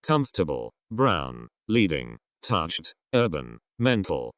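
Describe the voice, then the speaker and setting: A deep-voiced man reads single English words slowly and deliberately, his pitch rising and falling widely from word to word. The sound is dry and close, with no room around it. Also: big pitch swings, fairly bright tone, no echo. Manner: slow, isolated words with pauses. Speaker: vocabulary reader. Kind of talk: reading an English word list.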